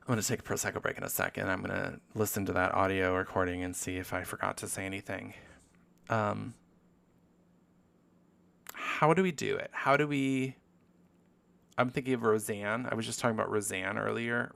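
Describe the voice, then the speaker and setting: A man's voice: fairly low pitch, gravelly, fairly bright tone. A man hosting a casual solo podcast, rambling and swearing with self-mocking asides. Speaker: podcast host. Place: living room.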